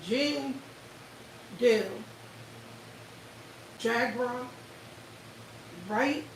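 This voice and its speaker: Woman livestream host; loud, blunt, profane commentary, recorded off-mic with faint hiss. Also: fairly high pitch, reverberant, distant mic, poor audio. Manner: loud, animated, blunt and profane, addresses viewers directly.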